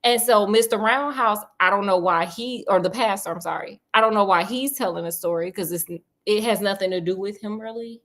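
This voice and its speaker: A woman retelling a story in a comedic, slangy, animated way, talking straight to her listener. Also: medium pitch, fairly quick, hardly any pauses.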